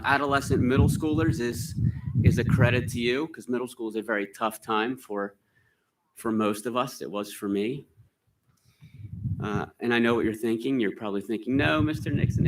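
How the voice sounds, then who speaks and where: A man's voice: mid-range voice, low-quality recording. Joking male teacher giving a ceremony speech. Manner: joking and warm toward students, casual with many "uh" fillers. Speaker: middle school teacher. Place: school recognition ceremony.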